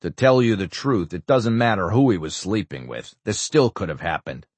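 A man's voice: on the low side, animated, normal speed, breathy edge, no echo. A man reading an audiobook, voicing a furious, imperious older male senator who barks scornful demands. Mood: outraged.

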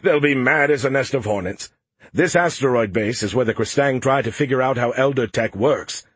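A man's voice: mid-range voice, slightly rough, dry recording. A man voicing a smug, boastful male alien AI that mocks the humans in a playful, snarky way.

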